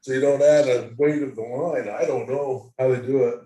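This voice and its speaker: A man's voice: medium pitch, steady tone, moderate pace, mellow. Easygoing man in an echoey workshop. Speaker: hobbyist guest. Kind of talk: casual video call chat. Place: home workshop. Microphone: video call.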